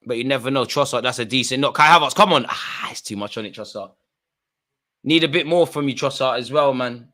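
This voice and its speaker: Guy streaming a footy watch-along, slangy banter, bright punchy voice, gets shouty at the ref. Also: medium pitch, fairly quick. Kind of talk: live match reaction commentary.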